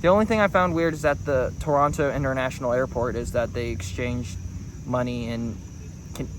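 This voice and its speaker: A man's voice: mid-range voice, fairly even intonation, fairly quick, noisy background. A young man from New Mexico with an American accent, telling a personal story in a rambling, self-correcting way. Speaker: vlogger. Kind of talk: casual talk to camera.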